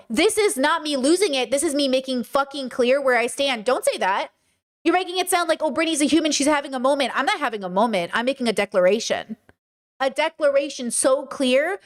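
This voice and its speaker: A livestream host with a high, ringing voice delivers a fiery monologue, hammering each point home with blunt profanity. The tone is lecturing and insistent, and the host breaks off now and then to answer viewers in the chat. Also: a bit bright. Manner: reads and answers chat comments.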